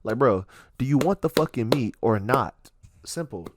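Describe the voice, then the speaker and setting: A man's voice: mid-range voice, lively intonation, normal speed, background noise. A young man giving blunt, profane advice to a friend on a casual podcast. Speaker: podcast co-host.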